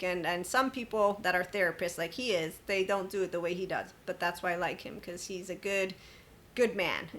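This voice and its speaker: A woman hosts a spiritual self-help podcast in an emphatic, chatty monologue, quoting others and breaking into sudden laughs. Her mid-range voice sounds bright and forceful.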